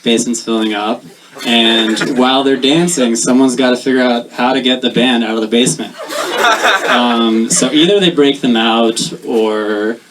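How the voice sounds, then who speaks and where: A young man doing a deadpan stand-up set, pausing often with ums. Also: mid-range voice, recorded from a distance. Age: young adult. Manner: deadpan, halting with many ums. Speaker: stand-up comedian. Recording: noisy live recording.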